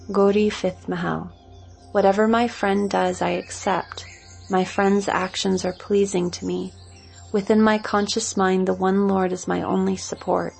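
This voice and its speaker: A woman slowly reading devotional scripture aloud in a measured recitation, even speaking the pause markings. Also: medium pitch, gravelly. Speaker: scripture reader.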